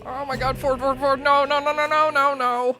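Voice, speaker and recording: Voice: sits high, flat delivery, normal speed, bright, forceful tone, faint music behind. A tabletop player voicing a distraught young trainer, pleading and crying out in denial. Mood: desperate grief. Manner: pleading, breaking into cries.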